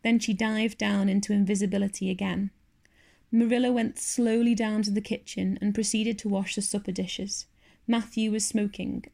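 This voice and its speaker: A woman narrates an audiobook of a classic novel. She reads in a measured, expressive way, and her voice is gravelly with a dark, mellow tone. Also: medium pitch.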